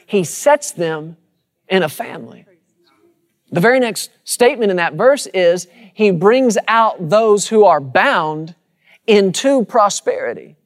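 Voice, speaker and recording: Guy preaching to his church, kinda high voice, repeats lines for rhythm, asks the crowd stuff. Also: animated, slow pace. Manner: rhythmic repetition, calls out to the congregation. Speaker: pastor. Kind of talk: sermon. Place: church sanctuary with congregation.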